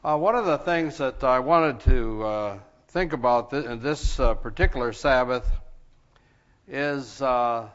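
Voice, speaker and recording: Slow halting man preaching a sermon. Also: mid-range voice, big-room sound. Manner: halting, many "uh" fillers. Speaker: pastor. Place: church sanctuary. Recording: lo-fi church broadcast.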